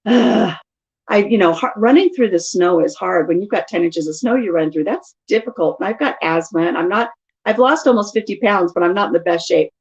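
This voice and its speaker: A middle-aged woman casually telling stories in an animated way during a live chat at home. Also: on the low side, fairly quick, muffled recording. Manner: chatty, animated storytelling. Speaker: vlogger.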